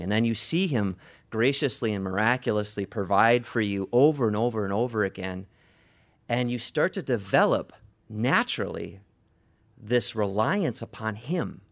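A gravelly male preacher delivering a sermon with dramatic storytelling. His pitch rises and falls widely, and he drops to a hush one moment and calls out the next. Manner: dramatic storytelling, swings from hushed to loud.

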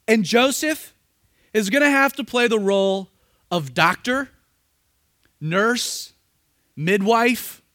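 A man's voice: high-pitched, no echo, studio quality. A young man preaching a sermon, telling stories with acted-out voices and reading scripture aloud. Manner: animated storytelling with acted-out voices. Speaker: pastor.

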